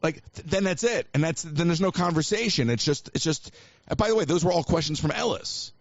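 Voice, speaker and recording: A man's voice: a little high, lively intonation, fairly quick, dry recording, lo-fi sound. A man hosting a live call-in show, talking in a rambling, chatty and self-mocking way. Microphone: livestream mic.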